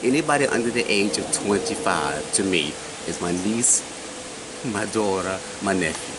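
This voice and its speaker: Man in his forties, casual storytelling, animated, keeps asking the listener questions, noisy recording. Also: low-pitched, moderate pace. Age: 40s.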